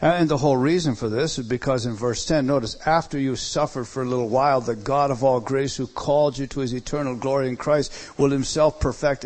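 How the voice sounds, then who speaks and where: A medium-pitched male pastor preaches a sermon, driving his points home. He swings between loud emphasis and quiet, hushed lines.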